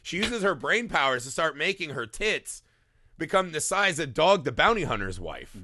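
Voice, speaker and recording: Lively, bright-voiced man riffing crudely. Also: a little high, moderate pace, no echo, studio quality. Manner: animated, profane, joking, acts out lines. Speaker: podcast co-host. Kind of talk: crude comedic movie discussion.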